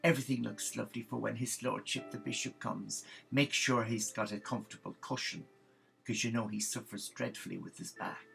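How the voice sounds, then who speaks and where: A man's voice: lowish voice, fairly even intonation, a little fast, gravelly, fairly bright tone, faint music behind, rough recording. A man putting on a prim fussy mother superior. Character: fussy bossy older female mother superior.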